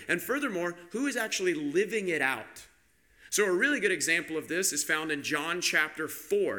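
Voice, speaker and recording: A man preaching a sermon with emphatic delivery, slowing down and speeding up to stress his points. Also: fairly high pitch, sharp tone. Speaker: pastor.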